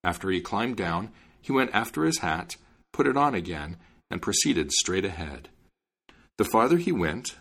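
A man reading a fairy tale aloud in a lively, expressive storytelling manner. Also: on the low side, slightly rough. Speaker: reader.

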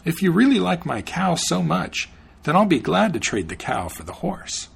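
A man's voice: on the high side, very animated, moderate pace, creaky, slightly rough, pitched above the performer's own voice, full character voice. A man reading as an obliging country farmer.

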